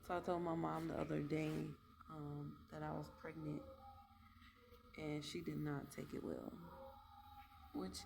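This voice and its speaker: A woman talking frankly and reflectively to camera about her life, pausing with fillers as she works through her thoughts. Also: deep voice, level tone, vocal fry, a little mellow. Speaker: vlogger. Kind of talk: candid personal monologue.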